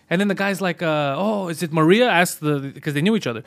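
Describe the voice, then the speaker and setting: A man's voice: racing, hardly any pauses. A man co-hosting a podcast, telling a story in casual chat, swearing and acting out the people he quotes. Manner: excitable, profane, acts out quotes with rising pitch. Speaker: podcast co-host.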